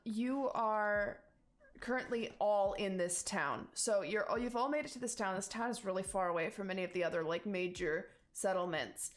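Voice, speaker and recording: A woman's voice: medium pitch, normal speed. A woman running a tabletop game as game master, narrating casually with loose, rambling phrasing.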